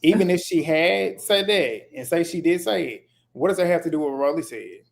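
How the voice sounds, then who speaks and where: Measured voice arguing a point. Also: mid-range voice, animated, creaky. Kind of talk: live recap chat.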